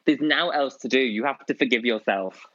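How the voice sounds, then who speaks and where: A man's voice: medium pitch, normal speed, a bit bright, highs cut off. A man co-hosting a podcast, camp and teasing in casual banter. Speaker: podcast co-host. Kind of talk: casual chat.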